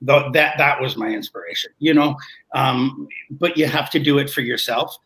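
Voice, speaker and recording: A man's voice: medium pitch, normal speed, a bit bright, poor audio. A man speaking candidly as a guest on a talk show. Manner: candid, confessional. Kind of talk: casual chat.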